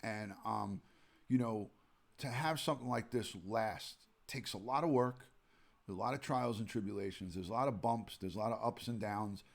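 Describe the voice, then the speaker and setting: Fairly low-pitched and gravelly, this man in his forties talks at a moderate pace in a New York accent. A retired detective, he runs a rambling late-night live stream from home, greeting viewers by name in casual chat.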